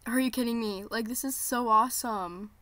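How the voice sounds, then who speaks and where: A young streamer with a highish voice talks at normal speed, with no echo, while waiting live for a show premiere. Nervous and jittery, she gushes excitedly and keeps repeating herself in this live reaction vlog.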